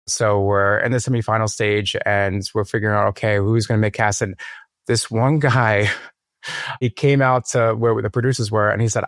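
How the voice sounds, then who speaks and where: A man's voice: on the low side, steady tone, normal speed, no echo, studio quality. A man, a casting producer, telling anecdotes in an interview and acting out the dialogue. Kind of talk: interview storytelling.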